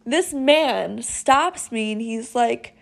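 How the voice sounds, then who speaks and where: A young woman hosting her own podcast, telling a story in a chatty, animated way and often checking in with "okay?". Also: fairly high pitch, takes it slowly, creaky. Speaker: podcast host. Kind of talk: casual storytelling monologue. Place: home, seated in a noisy chair.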